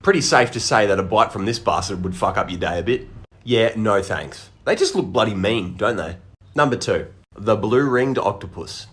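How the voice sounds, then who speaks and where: A man's voice: fairly low pitch, animated, moderate pace, fairly bright tone. A man with an Australian accent giving comedic list narration for a short video, blunt and laid-back with heavy swearing.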